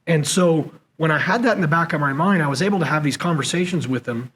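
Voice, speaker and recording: A man with a fairly high speaking voice tells stories from his military leadership days. He is animated and slips into the voices of the people he quotes. The tone is relaxed conversation in a podcast interview. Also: quick pace, breathy edge, low-quality recording. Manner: animated storyteller who acts out quoted dialogue. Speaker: podcast guest and former SEAL leader. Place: conference venue.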